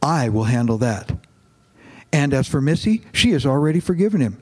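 A man voicing a gentle, wise fatherly figure who speaks calmly and earnestly, reading aloud from a novel. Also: mid-range voice, moderate pace, breathy edge. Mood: tender.

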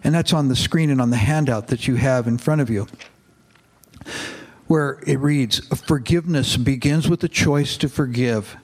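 A man with a mid-range voice reads a novel aloud to a class in an earnest, measured tone. He then turns to teaching as a counselor. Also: medium pitch, darkish tone, breathy edge.

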